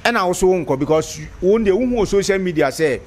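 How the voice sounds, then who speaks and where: A man's voice: high-pitched, lively intonation, fast, a little mellow. A man in a street interview, talking conversationally with frequent restarts.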